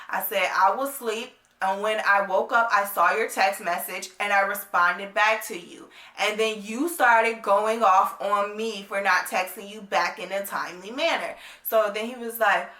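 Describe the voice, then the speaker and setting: A young woman tells a story straight to camera in a loose, chatty way, peppering it with "like" and "right?" as she reads out text messages. Her voice is bright and forward, and the room around her rings with a noticeable echo. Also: medium pitch, unhurried. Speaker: vlogger. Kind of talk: casual storytime vlog. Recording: echoey room.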